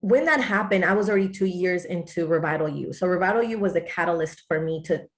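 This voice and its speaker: Talking fast in a fairly low voice, a wellness coach from Texas shares her story as a guest in a casual interview. Her manner is chatty and storytelling, and she quotes her own thoughts.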